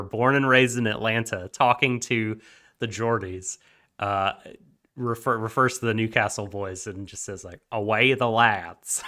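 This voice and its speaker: A man co-hosting a casual anime podcast, talking in a halting way with many pauses and laughing easily. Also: medium pitch, bright, forceful tone. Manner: halting, many ums and uhs, quick to laugh. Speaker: podcast co-host.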